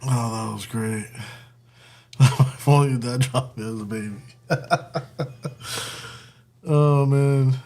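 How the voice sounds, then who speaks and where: A man's voice: mid-range voice, steady tone, slow, long pauses, dark tone. A man hosting a casual live stream and joking with his chat while building a kit, often breaking into laughter.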